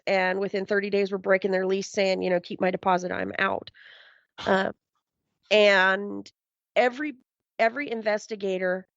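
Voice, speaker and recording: A woman's voice: medium pitch, dry recording. A woman guest telling a paranormal story in casual chat, rambling and full of "um" and "you know". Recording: dull, dry lo-fi sound.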